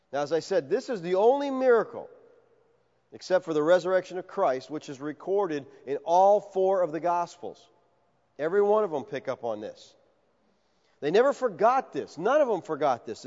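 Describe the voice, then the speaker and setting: A man preaching an expository sermon in a conversational, animated way, acting out the voices of the people he quotes. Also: sits high. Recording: dull sound with long hall reverb.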